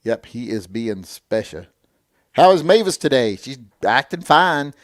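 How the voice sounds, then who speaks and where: A man hosting a livestream, chatting casually and answering comments in a blunt, lecturing tone. His voice sits at an ordinary middle pitch. The sound is dry and close, with no room echo. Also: sing-song, a little slow. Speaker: livestream host. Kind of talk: casual livestream chat, reading viewer comments.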